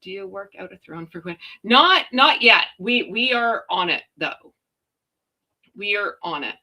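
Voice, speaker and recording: A middle-aged woman from Canada hosting a casual livestream, loud and chatty with a slight stutter, reading out viewers' comments. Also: mid-range voice, lively intonation, measured pace. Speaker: livestream host.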